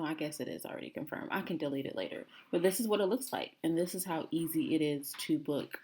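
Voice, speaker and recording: A woman's voice: low-pitched, darkish tone, a little hiss or hum. A woman in a casual screen-recorded tutorial, walking viewers through booking steps as a travel agent trainer. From United States. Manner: casual, talks to viewers as "guys". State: out of breath.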